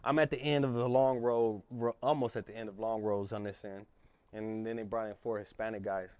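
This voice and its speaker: A man telling a story as a podcast guest, animated and swearing freely in casual chat. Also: fairly low pitch, brisk, clean tone, no echo.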